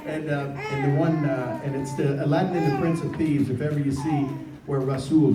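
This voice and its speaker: A man on a convention panel, telling stories to an audience in an animated, laughing way, recorded from the audience in a large hall. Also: on the high side, a little fast, background noise. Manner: animated, laughing, chatty with fillers. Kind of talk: anecdotal storytelling to an audience. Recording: echoey hall from far off in a crowd.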